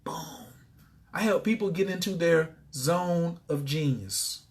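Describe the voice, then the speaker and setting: High-voiced preachy man. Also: slow. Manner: preachy, repetitive, bursts into excited shouting. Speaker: self-help coach. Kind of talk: motivational livestream talk.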